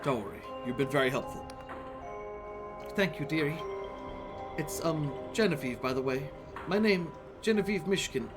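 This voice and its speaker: A man's voice: fairly high pitch, expressive, moderate pace, long pauses, over music, natural voice. A man voicing a prim, flustered woman librarian in a video game, sweet and evasive, calling people dearie. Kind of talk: reading game dialogue aloud.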